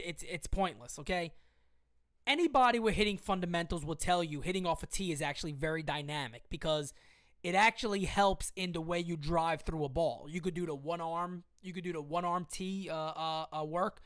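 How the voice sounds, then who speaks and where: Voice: mid-range voice, a bit bright. A woman hosting a live-stream sports commentary show, emphatic and argumentative as she answers comments from her chat. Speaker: host.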